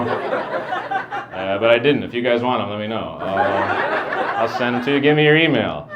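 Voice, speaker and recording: A young man doing a stand-up set on a club stage into a handheld mic, rambling with self-mocking asides and pauses for punchlines. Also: on the low side, very noisy. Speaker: stand-up comedian. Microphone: handheld wired mic. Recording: live club audience laughter.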